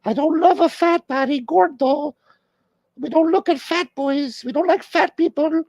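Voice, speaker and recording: Brief: high, shrill, whiny nagging wife, comic impression, dry sound. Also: male voice, unhurried, darkish tone, dry recording, poor audio. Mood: nagging, scolding. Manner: whiny, scolding. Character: nagging, exasperated wife of a grumpy movie star. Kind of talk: comedic impression in a rant.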